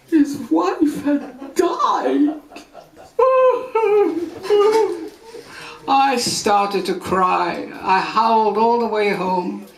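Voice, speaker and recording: A woman's voice: mid-range voice, gravelly. Wry woman telling a true story. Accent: somewhat English. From Brazil. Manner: wry, animated, amused. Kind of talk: live storytelling. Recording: echoey room with audience.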